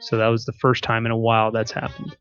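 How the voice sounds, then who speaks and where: Easygoing man chatting, mid-pitched voice. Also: completely flat delivery, fast talker, fairly bright tone, clear, resonant tone, highs cut off, soft background music. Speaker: podcast co-host. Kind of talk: casual chat.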